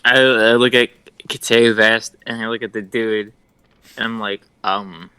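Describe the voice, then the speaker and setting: A man's voice: lowish voice, fairly even intonation, unhurried, bright, forceful tone, smooth, dry recording, low-quality recording. A man playing a tabletop game, speaking in character with some hesitation. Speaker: player.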